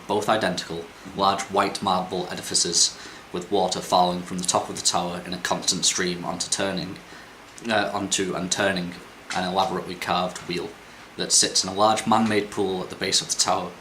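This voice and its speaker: A man's voice: low voice, bright, forceful tone. A man narrating a tabletop game as game master, describing scenes and correcting himself as he reads. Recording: echoey room, background noise.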